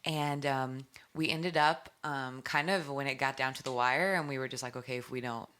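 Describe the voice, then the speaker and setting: A young woman, a musician guest on a podcast interview, telling animated stories and acting out quotes. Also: a bass voice, moderate pace, clean tone. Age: young adult. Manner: animated storytelling, acts out quotes.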